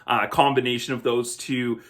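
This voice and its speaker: A man hosts a film review show, chatting casually about a movie and laughing now and then. His mid-range voice stays fairly level in pitch, moves at a moderate pace, and has a fairly bright tone.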